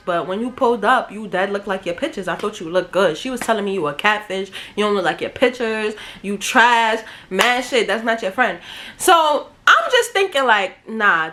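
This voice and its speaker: A young woman telling a casual storytime vlog, slangy and animated, acting out the people she quotes. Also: a little high. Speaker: vlogger.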